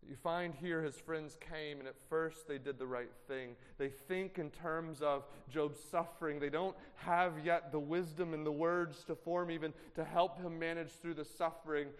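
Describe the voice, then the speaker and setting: An earnest man pastor delivers a sermon in a somewhat high voice. He moves between soft, hushed storytelling and emphatic preaching. A long reverb from the church hall trails after his words. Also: clean tone.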